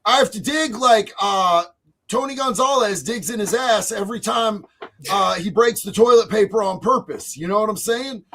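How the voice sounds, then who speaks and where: A man hosting a live stream, reading chat messages aloud in a loud, excitable way, often shouting. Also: high voice, normal speed, a little hiss or hum.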